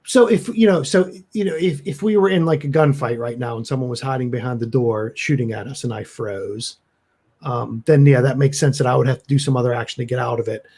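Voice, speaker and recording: A man with a husky, breathy voice plays a tabletop horror game. He describes what his character does hesitantly, stopping often with ums and you-knows as he thinks it through. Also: mid-range voice, a little fast, darkish tone. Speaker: player.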